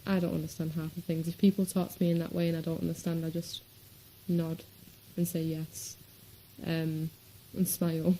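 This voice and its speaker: A woman's voice: low-pitched, little pitch movement, moderate pace, warm tone, slight background noise, rough recording. A woman from Manchester with a Manchester accent, chatting casually in a rambling vlog with lots of ums. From Manchester, England. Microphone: webcam.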